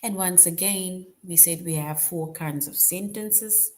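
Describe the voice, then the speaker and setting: Slow, patient woman teaching young kids. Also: fairly low pitch, darkish tone, slight background noise. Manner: patient, repeats points, tags "right?" often; slow, deliberate. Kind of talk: online lesson for young children.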